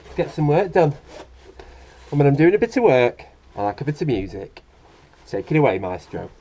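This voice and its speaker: A man's voice: fairly high pitch, sing-song, moderate pace, mellow, a little hiss or hum. A man chatting chirpily with theatrical asides while doing the housework at home. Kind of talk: comic chat during housework. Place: indoors at home.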